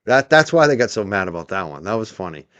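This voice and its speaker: A man's voice: on the low side, big pitch swings, fast, fairly bright tone, clean tone, no echo, muffled recording. A man co-hosting a casual streaming chat, sardonic and laughing, explaining a topic in detail. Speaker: co-host. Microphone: streaming mic.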